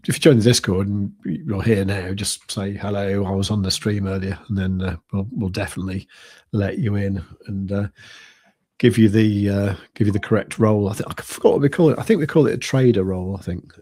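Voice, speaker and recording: Talking fairly quickly in a lowish, slightly mellow voice with a breathy edge, this British crypto livestreamer gives casual chart commentary. He thinks aloud and leans heavily on fillers.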